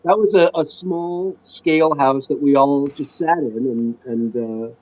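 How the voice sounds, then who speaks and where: Deadpan male guest on dull audio. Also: mid-range voice, a little slow. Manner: deadpan joking. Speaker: guest voice actor. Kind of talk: casual livestream chat.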